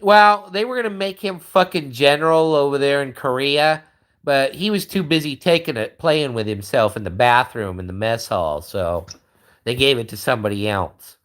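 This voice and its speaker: A man's voice: medium pitch, normal speed, fairly bright tone. A man hosting a livestream, ranting in a profane, rambling way and restarting his sentences often. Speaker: livestream host. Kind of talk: casual livestream rant.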